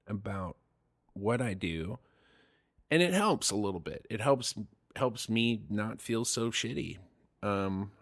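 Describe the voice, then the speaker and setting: A man on a podcast talking candidly about his music, self-deprecating and joking, with frequent swearing. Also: mid-range voice. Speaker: musician guest. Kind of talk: casual podcast chat.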